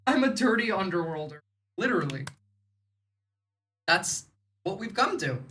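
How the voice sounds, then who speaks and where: A woman's voice: medium pitch, very animated, measured pace, fairly bright tone, a little hiss or hum. A woman from the United States hosting a livestream, giving rambling, sarcastic political commentary. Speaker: livestream host.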